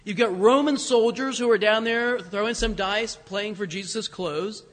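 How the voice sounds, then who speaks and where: High-voiced man preaching in reverberant hall. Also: normal speed, a bit bright. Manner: conversational, asks congregation rhetorical questions, self-correcting. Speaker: pastor. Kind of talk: sermon. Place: church sanctuary.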